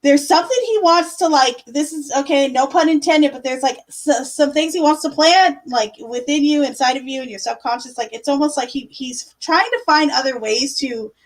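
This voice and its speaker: Her voice high and her pace moderate, a young livestream tarot reader barely pauses as she chats through casual readings, sprinkling in fillers and calling viewers "love" and "my dear." The recording sounds rough.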